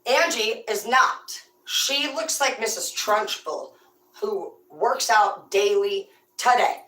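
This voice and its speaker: A woman's voice: mid-range voice, expressive, takes it slowly, fairly bright tone. A woman hosting a tarot channel, ranting casually with brash, profane, rambling talk. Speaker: tarot reader and host. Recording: echoey room, voice far from the mic.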